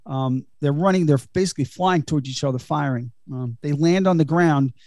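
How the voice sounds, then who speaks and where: A man's voice: on the high side, fairly quick, darkish tone, dry recording, studio quality. Chatty man recapping a film. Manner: chatty, laughing, full of fillers. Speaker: podcast host.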